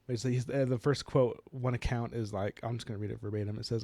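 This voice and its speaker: A man's voice: medium pitch, fast talker, dry recording. A man co-hosting a book discussion podcast, casually retelling scenes and acting out the characters' lines. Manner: animated, retells scenes with quoted voices. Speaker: podcast co-host.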